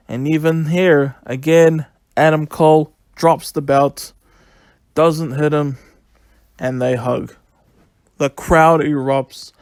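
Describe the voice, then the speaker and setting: A man giving a casual, excitable solo review, retelling events in a rambling, chatty way. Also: on the high side, slow pace, pauses often, smooth, dry recording, studio quality.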